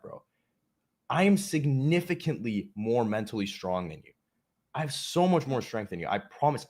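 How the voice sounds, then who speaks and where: A man hosting a casual livestream chat. He talks bluntly and swears often, ranting straight at his viewers. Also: mid-range voice. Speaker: livestream host.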